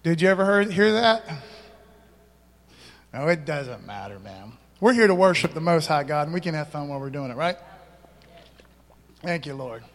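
High-voiced preacher man in a reverberant church. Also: animated, moderate pace, long pauses, a bit bright. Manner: casual, conversational preaching with slang and rhetorical questions. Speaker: pastor. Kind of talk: sermon. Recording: long hall reverb.

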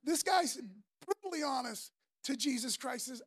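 A man's voice: very high voice, lively intonation, moderate pace, fairly bright tone, no room sound, studio quality. A man preaching a sermon in a casual, earnest way, using slang fillers as he talks. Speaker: pastor.

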